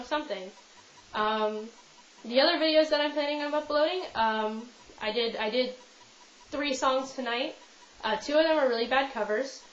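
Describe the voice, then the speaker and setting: A woman's voice: on the high side, a little hiss or hum. Rambling young Canadian woman vlogging. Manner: rambling, self-deprecating, with many ums and restarts. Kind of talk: casual chat to camera. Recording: roomy, slightly muffled home video.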